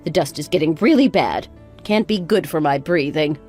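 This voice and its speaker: A woman's voice: low voice, expressive, normal speed, darkish tone, faint music behind. A woman voicing a bossy, harsh older mother-in-law who talks in a sarcastic, cutting way. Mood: scornful. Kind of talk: narrated text-story drama.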